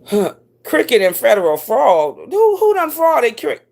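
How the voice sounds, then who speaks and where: A middle-aged woman telling stories on a casual livestream, cursing freely and leaping up in pitch when she acts out what people said. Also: unhurried, creaky. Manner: profane, animated storyteller who swoops up high for quoted voices. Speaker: live streamer.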